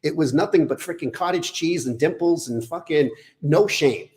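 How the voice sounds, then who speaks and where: A man's voice: a little high, moderate pace, darkish tone. A middle-aged man, a fitness trainer, ranting bluntly and profanely in a casual podcast chat.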